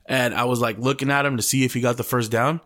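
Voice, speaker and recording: Young male podcast co-host, mid-pitched, rambling and profane, heavy on "bro", sprinkles in Spanish slang. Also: steady tone, fast talker, fairly bright tone. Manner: mixes Spanish slang into English. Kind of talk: casual chat.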